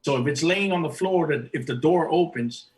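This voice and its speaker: A man playing a tabletop game who eagerly lays out his plans out loud in casual, loose grammar. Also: a little high, moderate pace. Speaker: player.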